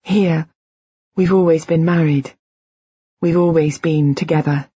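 A woman's voice: low-pitched, steady tone, measured pace, warm tone, husky, no echo, highs cut off, exaggerated voice. A woman reading the lines of a desperate middle-aged husband, pleading through tears in an audiobook. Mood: tearful pleading. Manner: pleading, emotional.

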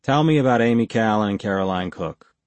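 A male audiobook narrator voicing a calm interrogator who asks quiet, measured questions. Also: fairly low pitch, no echo, lightly acted.

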